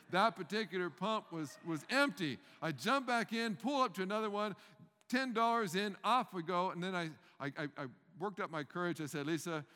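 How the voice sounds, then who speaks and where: An older man telling a funny personal story, acting out the panic in a loud voice, with frequent stammers and repeated words. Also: high voice, smooth, long reverb tail. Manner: animated, acts out the panicked scenes loudly, stammers and repeats words. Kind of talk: humorous storytelling talk.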